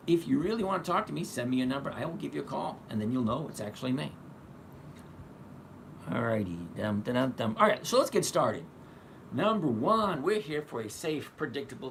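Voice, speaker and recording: A man's voice: medium pitch, noisy background. A man hosting a casual live stream, chatty and greeting viewers by name as they join. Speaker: livestream host.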